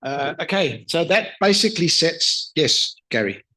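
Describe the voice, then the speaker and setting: A man moderating a summit on stage, introducing speakers with jovial, quick banter. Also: a little high, lively intonation, pushed and bright, poor audio. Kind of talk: event hosting. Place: conference stage.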